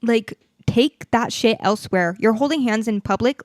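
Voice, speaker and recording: A woman's voice: mid-range voice, brisk, hardly any pauses, no echo, clean studio sound. A young woman hosting her own podcast, talking candidly and venting with frequent swearing. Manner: frank and profane, animated venting. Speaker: podcast host. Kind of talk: candid solo podcast chat.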